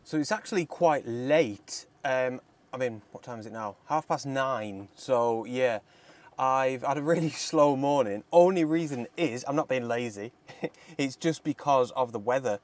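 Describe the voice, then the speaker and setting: A man's voice: mid-range voice, a little slow. A young man, vlogging casually and enthusiastically outdoors by a lake, laughing often. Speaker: landscape photography vlogger. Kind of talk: casual vlog to camera.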